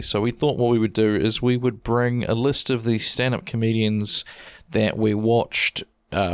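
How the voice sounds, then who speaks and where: A man's voice: on the low side, smooth, no room sound. A man hosting his own podcast, chatting casually and with self-amused humor, loose with fillers. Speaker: podcast host. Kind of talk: casual solo podcast intro.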